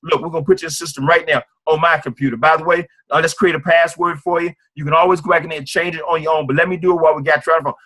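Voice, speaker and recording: Fast-talking man with a bright voice. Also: on the high side, fairly even intonation. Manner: fast-talking, acts out sales calls. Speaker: network marketing trainer. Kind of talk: informal sales training talk.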